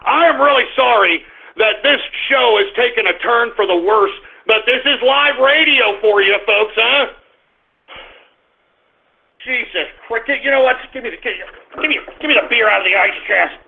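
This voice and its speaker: A male talk radio host with a very high, creaky, husky voice at normal speed goes on an exasperated live on-air rant from his home office, swearing and rambling with restarts. The radio stream sounds tinny and phone-like.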